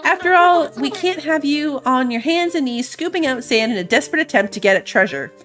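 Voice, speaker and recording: A woman's voice: high-pitched, animated, fairly quick, fairly bright tone, faint music behind, pitched above the performer's own voice. A woman voicing an old male shark pirate who is jolly and boastful, talking in a hearty pirate drawl with laughs.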